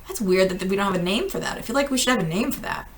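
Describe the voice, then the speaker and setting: A young adult woman leading a casual book-club lesson, chatty and animated, acting out quotes. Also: mid-range voice, rapid-fire, a little hiss or hum.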